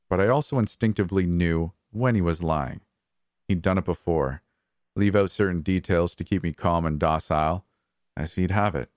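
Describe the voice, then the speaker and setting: Low-voiced man narrating a horror story. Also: no echo, clean studio sound.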